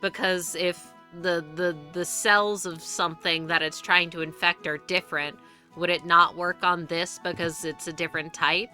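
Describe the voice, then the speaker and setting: A woman's voice: on the low side, steady tone, moderate pace, sharp tone, soft background music. A young woman streaming live, chatting casually and rambling with frequent restarts and free swearing.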